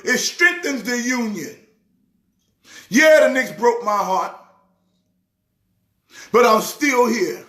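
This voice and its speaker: A man who is a pastor, talking sports casually in an excitable way, repeating words with a preacher's rhythm. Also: sits high, reverberant. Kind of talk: casual sports talk show.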